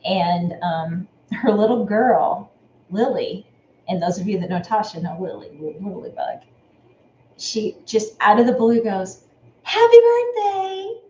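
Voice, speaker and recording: A woman's voice: mid-range voice, unhurried, a little mellow, muffled recording. A woman hosting a sewing channel live stream, talking casually and rambling, thanking viewers by name as she goes. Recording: echoey room with faint noise.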